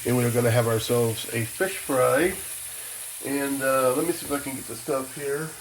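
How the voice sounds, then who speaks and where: Against a noisy background, a man with a mid-range voice talks at a moderate pace, vlogging by the water and in his van. He rambles in a folksy manner, calls his audience "folk," and shoots it all on a handheld phone.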